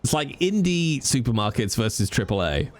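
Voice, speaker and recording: A British man chatting casually with viewers during a game stream. He jokes around a lot, and his pitch moves up and down freely. His voice sits at a middle pitch for a man. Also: big pitch swings, normal speed. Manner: chatty, joking.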